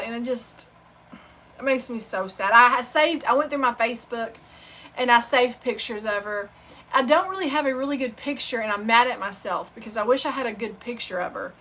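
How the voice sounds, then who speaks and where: A woman's voice: on the high side, sharp tone. A woman hosting a sewing channel, chatting casually on a livestream and telling heartfelt, rambling stories.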